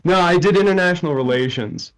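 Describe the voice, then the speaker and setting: A man's voice: high-pitched, fairly quick, soft background music. A young man chatting on a stream over a video call, awkward and self-mocking, laughing often. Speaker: contestant on a dating stream. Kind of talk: casual stream chat.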